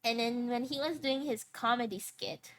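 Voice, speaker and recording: Young female streamer, higher voice, giggly rambling live-stream chat. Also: normal speed. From Philippines. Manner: chatty and giggly, rambling with frequent restarts.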